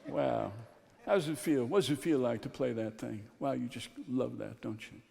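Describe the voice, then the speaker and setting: A man's voice: medium pitch, normal speed, vocal fry, warm tone, long reverb tail, faint music behind. A man hosting a live radio variety show, bantering with the musicians in a dry, amused way. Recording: live stage with audience.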